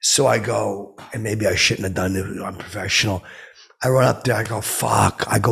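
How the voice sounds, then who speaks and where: On a comedy podcast, a male host tells a meandering story in a dull, clueless deadpan, his pitch leaping up whenever he quotes someone. His voice is gravelly and husky, and he talks at a normal speed.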